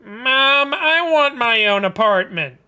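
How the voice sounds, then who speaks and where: A timid young Southern woman, as a man puts her on, speaking softly and slowly. Her plaintive American Southern drawl has a bright edge to it. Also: high-pitched, lively intonation, full character voice.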